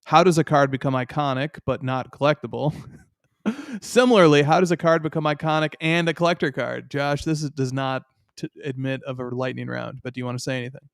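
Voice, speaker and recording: A man's voice: medium pitch, a little fast, creaky, dry recording, studio quality. A man co-hosting a casual podcast, reading listener questions aloud in a playful way. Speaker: podcast co-host. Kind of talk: casual chat.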